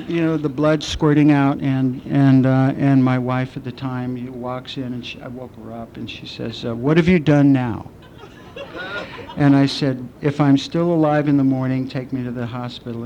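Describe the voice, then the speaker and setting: Middle-aged man, recovery-meeting speaker, self-mocking storyteller, mid pitch, faint rumble in the recording. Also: creaky. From southwestern United States. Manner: candid, self-mocking storytelling with dark humor. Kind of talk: personal recovery talk.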